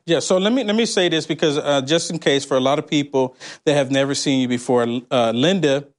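A man hosting an interview, asking long, halting questions full of restarts. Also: fairly high pitch. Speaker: host. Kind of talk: casual interview talk.

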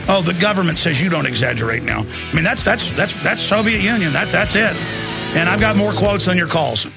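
A man hosting a political talk radio show, ranting and shouting with lots of repetition. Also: high-pitched, animated, brisk, vocal fry, music in the background.

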